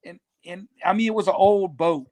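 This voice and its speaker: A man co-hosting a casual chat, telling stories excitedly and laughing often. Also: high voice, normal speed, no room sound. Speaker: podcast co-host.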